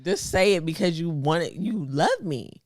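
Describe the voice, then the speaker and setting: A woman in her thirties with tells stories and holds her ground. Her pitch leaps around as she talks, and her voice is close and dry. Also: normal speed, no room sound. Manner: animated storyteller, firm and sassy. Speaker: podcast co-host. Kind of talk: casual couple banter.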